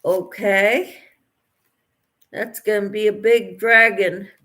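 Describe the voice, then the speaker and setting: A woman's voice: medium pitch, fairly even intonation, slow, pushed and bright. A woman hosting a casual crochet livestream, reading viewer comments aloud and answering them, tired late at night.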